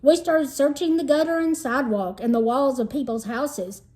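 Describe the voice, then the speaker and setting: A woman, a teacher, reading a children's novel aloud in a lively storytelling manner. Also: high voice, normal speed. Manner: lively storytelling, shifts into character voices. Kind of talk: expressive read-aloud narration.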